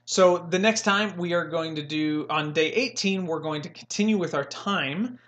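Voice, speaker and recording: A young man hosts a casual spoken language lesson in a slightly high, somewhat bright voice. As a language learning host he rambles and cracks jokes, correcting himself as he goes, and his delivery is slow and drawn out.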